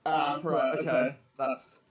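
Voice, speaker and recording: A man playing a tabletop game, eager and quick to suggest plans. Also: on the high side, flat delivery, heavy reverb, far from the mic, lo-fi sound. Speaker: player.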